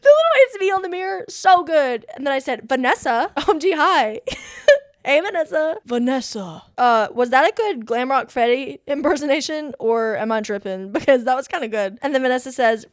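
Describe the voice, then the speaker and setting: Excitable young woman gushing over a movie. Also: high voice, brisk, hardly any pauses, no room sound, clean studio sound. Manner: excitable, gushing, laughs often. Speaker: podcast host. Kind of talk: casual movie review reading her notes.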